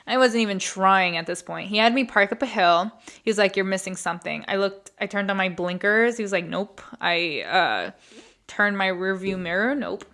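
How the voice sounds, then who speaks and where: A woman's voice: medium pitch, bright, forceful tone. A woman in her twenties hosting a podcast, telling a personal story in a candid, chatty way with frequent swearing. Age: 20s. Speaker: podcast host. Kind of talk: casual storytelling monologue.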